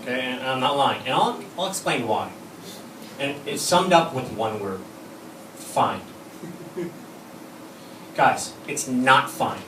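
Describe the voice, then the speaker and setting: On a comedy club stage, a man performs a stand-up set of bawdy stories, acting out the quoted lines. His mid-range voice is animated and unhurried, recorded from far off in an echoey, noisy room.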